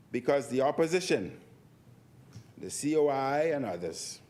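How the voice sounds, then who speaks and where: A man giving a speech in parliament, forceful and repeating phrases for emphasis. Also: mid-range voice, big pitch swings, measured pace. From Bahamas. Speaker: member of parliament. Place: parliament chamber.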